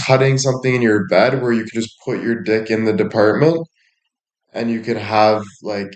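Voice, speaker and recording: A young man chatting casually to his audience, rambling and making crude jokes. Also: lowish voice.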